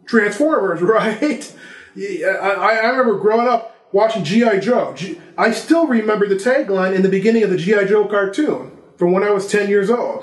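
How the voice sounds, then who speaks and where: A man's voice: sits high, normal speed, roomy sound. A man giving a casual vlog lesson on filmmaking, talking conversationally and listing examples. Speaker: filmmaking instructor.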